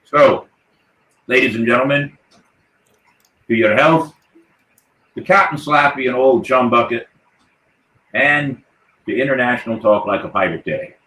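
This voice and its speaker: A man's voice: mid-range voice, measured pace, pauses often, bright, forceful tone, reverberant, rough recording. A man hosting a live pirate-themed podcast, talking in a hearty, playful way as the ship's captain. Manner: hearty, toasting, rallying the crew. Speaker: podcast host.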